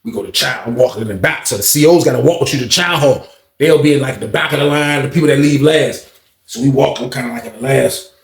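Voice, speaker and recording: A man's voice: medium pitch, quick pace, gravelly. A young man casually telling a personal story in a laid-back, slangy way, often repeating himself. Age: young adult. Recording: roomy echo.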